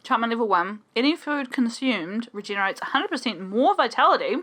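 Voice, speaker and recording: A woman's voice: fairly high pitch, lively intonation, a little fast, sharp tone. A woman co-hosting a game let's play, chatting and reading game text aloud with jokes. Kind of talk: casual gameplay chat.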